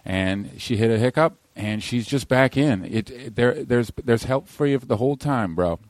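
Halting man chatting plainly on a podcast. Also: medium pitch, darkish tone, no room sound. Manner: halting, repeats words, plain-spoken. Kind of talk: casual podcast chat.

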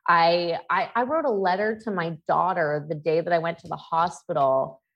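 A woman's voice: lowish voice, normal speed. Frank, swearing woman, slightly dull sound. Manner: frank and emotional, swears freely. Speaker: podcast co-host. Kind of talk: candid personal chat.

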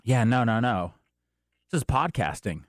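A man's voice: mid-range voice, sing-song, normal speed, no echo, studio quality. A man co-hosting a podcast, teasing his partner in casual banter and swearing freely. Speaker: podcast co-host.

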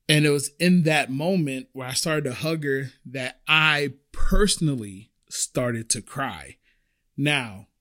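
A man's voice: mid-range voice, fairly bright tone. A man who works as a restaurant server, earnestly telling a personal story in a conversational way with many restarts.

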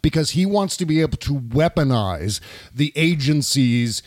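A man's voice: on the high side, lively intonation, normal speed, darkish tone, dry recording, studio quality. A man hosting a political talk show, chatting animatedly and laughing often. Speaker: podcast host.

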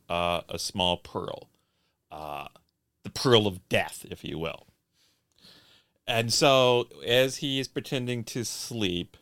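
A man's voice: fairly low pitch, a bit bright, clear, resonant tone, no echo, studio quality. A man from Indiana co-hosting a casual podcast chat, teasing and questioning in a wry way. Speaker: podcast co-host.

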